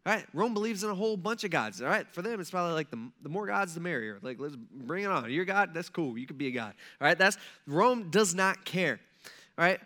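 A man preaching a sermon in a conversational, animated way, acting out the people he tells about. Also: high voice, brisk. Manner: conversational, animated, acts out quotes. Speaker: pastor.

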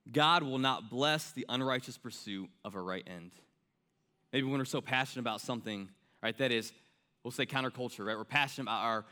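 A man's voice: mid-range voice, bright, forceful tone. A young man preaching a sermon in an earnest, conversational way, repeating key lines and tossing in "right?" and "I mean.". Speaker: pastor.

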